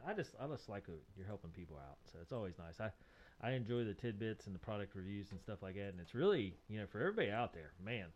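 Guy hosting a tech podcast, rambly and jokey, lowish voice. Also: a little mellow. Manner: chatty, rambling, joking, laughs often. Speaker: podcast host. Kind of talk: casual chat.

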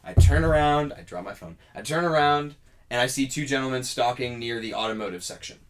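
A man's voice: medium pitch, a little fast. Man telling a story, casually. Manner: animated storyteller acting out dialogue. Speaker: podcast co-host.

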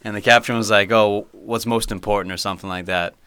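A man's voice: lowish voice, steady tone, fast talker, sharp tone, smooth, dry recording. A man co-hosting a casual soccer podcast, bantering and laughing with friends. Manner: banter-heavy, laughs often. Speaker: podcast co-host. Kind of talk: casual chat.

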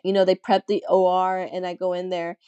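Candid young woman with a warm, mellow voice. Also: lowish voice, little pitch movement, a little fast, no room sound, lo-fi sound. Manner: candid storytelling, acts out quoted voices, frequent "like". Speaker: podcast guest. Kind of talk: casual chat.

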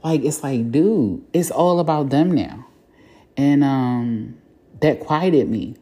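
A woman with a strikingly low, dark, mellow voice, hosting her own podcast alone. She thinks out loud in a candid, reflective way, swearing casually and filling pauses with ums and likes. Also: animated, breathy edge. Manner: frank, reflective, with casual swearing and many fillers. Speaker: podcast host. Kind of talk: candid solo podcast monologue.

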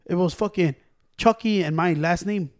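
High-voiced man telling a profane story. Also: moderate pace. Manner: profane, animated, acts out quotes. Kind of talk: casual storytelling among friends.

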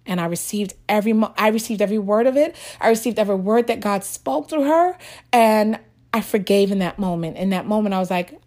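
A woman's voice: mid-range voice, a little fast, a little mellow. A woman telling a personal faith testimony in a casual, earnest way, full of restarts and close to tears. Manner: emotional, earnest, with many restarts.

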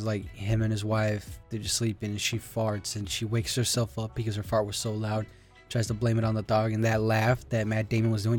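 A man's voice: on the low side, a little mellow. Rambling man in casual solo chat. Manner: rambling, swearing, emotional.

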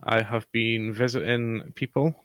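A man's voice: medium pitch, fairly even intonation, measured pace, dry recording. A young man co-hosting a podcast in casual chat, laid-back, laughing often and swearing casually. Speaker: podcast co-host.

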